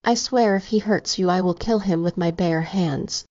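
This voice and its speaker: A woman's voice: fairly low pitch, normal speed, mellow, no room sound, close to an everyday voice. A woman voicing an anxious, devoted young man in an audiobook, close to tears. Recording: slightly dull, dry recording.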